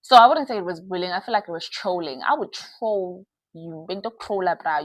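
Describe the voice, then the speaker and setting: A woman's voice: lowish voice, a little fast, few pauses, no room sound, poor audio. A young woman hosting a podcast, giving candid advice in a casual chat and laughing often. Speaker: podcast host.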